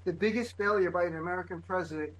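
A man's voice: high-pitched, fairly bright tone, poor audio. Emphatic man ranting on a talk show. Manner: emphatic, heated, rapid-fire lists. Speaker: comedian and co-host. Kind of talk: political commentary chat.

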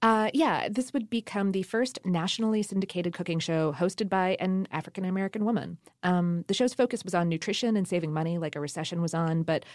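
A woman's voice: fairly low pitch, fairly quick, hardly any pauses, darkish tone, no echo, studio quality. A woman co-hosting a podcast, chatting casually through food history with laughs and fillers. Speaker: podcast co-host. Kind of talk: casual conversational history chat.

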